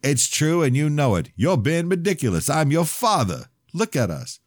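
A man's voice: on the high side, big pitch swings, normal speed, no room sound, studio quality, voice pushed up. A man voicing an older male preacher who talks in an earnest, insistent way. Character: older male preacher, calm but pressing.

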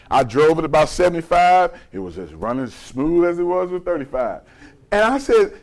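Male pastor, high voice, folksy conversational sermon with humor and call-and-response. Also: sing-song, fairly quick, a little mellow.

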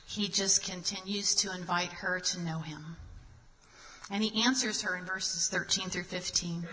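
A woman's voice: medium pitch, steady tone, unhurried, sharp tone, big-room sound, poor audio. A woman guest speaker giving a sermon, reading scripture aloud and asking the listeners earnest questions.

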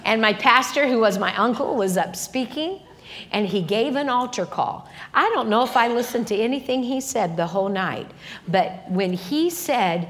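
A woman guest minister preaching a sermon. She speaks with animated energy and keeps calling out to the congregation. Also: a little high, moderate pace. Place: church service with a congregation.

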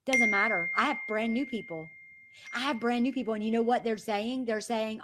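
A woman's voice: on the high side, normal speed. A woman from the American South, leading a sales training on a call and acting out the messages she quotes. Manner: animated, acts out quoted messages in voices. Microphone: phone or call line.

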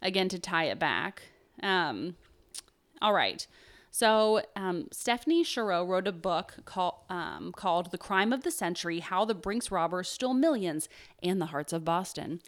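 A woman's voice: on the low side, big pitch swings, measured pace. A young woman hosting a podcast, telling a true crime story in casual chat, with many fillers. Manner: chatty, lots of fillers and "like". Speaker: podcast host.

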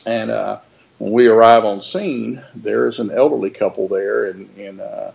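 A man's voice: on the low side, steady tone, normal speed, creaky, darkish tone, muffled recording. A man, a paramedic, telling a wry story casually and animatedly, full of fillers. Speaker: paramedic guest.

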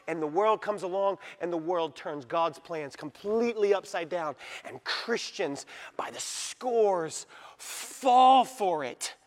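A male pastor preaching a sermon, swinging from hushed, slow lines to loud, shouted passages. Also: sits high, big-room sound.

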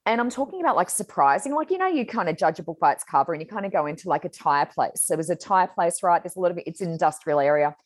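A woman hosting a casual chat, energetic and chatty, often saying "like" and "oh my God.". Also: fairly low pitch, fast, hardly any pauses, no room sound.

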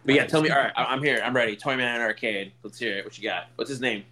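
A man hosting a casual chat, talking in an animated way with many quick restarts. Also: mid-range voice, slight background noise. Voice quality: animated, stammering restarts, lively storyteller. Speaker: podcast host.

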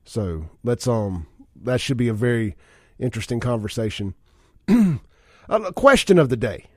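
Man, radio talk host, casual, chuckling, reads listener texts, middle pitch, dry studio mic. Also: very animated, unhurried, no echo. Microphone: studio microphone.

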